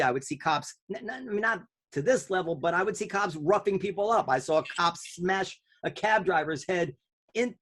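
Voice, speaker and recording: A man hosts a casual round-table talk in a slightly higher voice, rambling along with plenty of ums and restarted phrases. He speaks loosely and conversationally, circling back as he goes. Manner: rambling, many fillers and restarts. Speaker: podcast host.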